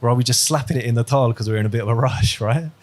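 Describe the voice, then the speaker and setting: A man's voice: mid-range voice, racing. A man teaching a religious class over a video call, chatty and quizzing his students, with stories along the way. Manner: conversational, quizzing students, storytelling. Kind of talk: online class lesson.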